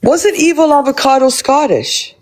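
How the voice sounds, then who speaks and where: A woman's voice: sits high, animated, moderate pace, a little mellow. A woman live-streaming, chatting casually with her viewers and reading their comments, blunt and rambling, swearing freely.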